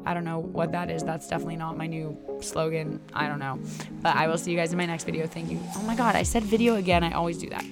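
A woman's voice: low-pitched, fairly even intonation, fast talker, loud music behind the voice. A young woman hosting her own podcast, talking casually and rambling with lots of "like"s, laughing at her own slips. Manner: chatty, rambling, many "like"s, laughs at herself. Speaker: podcast host. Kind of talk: casual solo podcast talk.

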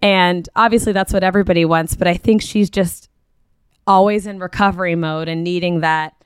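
A woman's voice: on the low side, steady tone, brisk, clear, resonant tone, no room sound, clean studio sound. A woman co-hosting a podcast, chatting casually and thoughtfully with many fillers. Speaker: podcast co-host. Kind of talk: casual recap chat.

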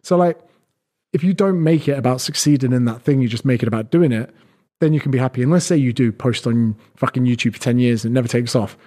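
A man's voice: medium pitch, dark tone. A man, a personal trainer talking bluntly as a podcast guest, swearing often and acting out quotes. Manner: fast, blunt, swears a lot, acts out quotes. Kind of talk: podcast conversation.

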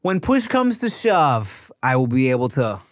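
A man's voice: mid-range voice, very animated, unhurried, no room sound, clean studio sound. A man, a podcast co-host, chatting casually, laughing often and giving short replies. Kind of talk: casual chat.

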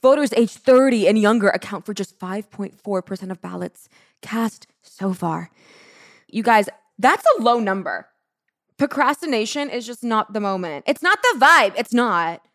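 A woman's voice: a little high, animated, normal speed, fairly bright tone, dry recording, studio quality. A young woman in her twenties, a podcast host doing sassy, playful ad reads and a slangy monologue. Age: 20s.

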